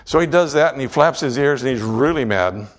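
A man preaching a sermon in a church, telling a story with lively asides and often clearing his throat. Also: mid-range voice, brisk. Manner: storytelling, animated, acts out voices and sounds. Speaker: pastor. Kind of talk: sermon with object lesson.

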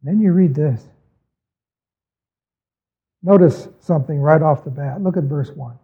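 A man with a slightly high, husky voice preaches a sermon in an earnest, measured way, stopping to put questions to his congregation. The recording is thin and tinny, like a phone line. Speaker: pastor.

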